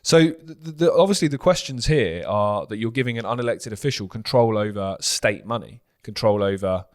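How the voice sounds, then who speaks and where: A man's voice: fairly low pitch, normal speed. A man co-hosting a news commentary show, talking earnestly in long run-on points.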